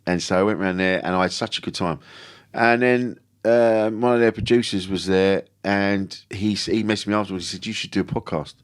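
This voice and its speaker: A man's voice: on the low side, fairly even intonation, a little fast, hardly any pauses, clean tone. A man, a comedian guesting on a podcast, telling stories in a rambling, swearing, self-interrupting way. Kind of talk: casual chat.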